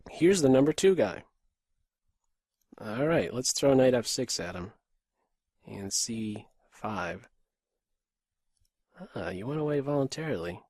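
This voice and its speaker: A man's voice: medium pitch, a little mellow, no echo, clean studio sound. A man in his thirties from Pennsylvania, USA, streaming live chess and muttering terse running commentary on his moves. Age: 30s. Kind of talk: live commentary while playing bullet chess.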